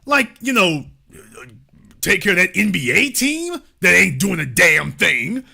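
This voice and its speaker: A man hosting a political commentary show, speaking emphatically with rhetorical questions and drawn-out stresses. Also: high voice, sing-song, creaky, pushed and bright, slightly rough.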